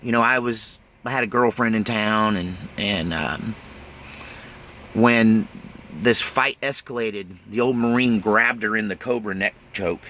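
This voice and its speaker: Candid man with a bright voice. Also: fairly low pitch, unhurried, a little hiss or hum. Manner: candid, nervous laughter, blunt, folksy. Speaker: autobiographical storyteller. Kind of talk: casual spoken memoir.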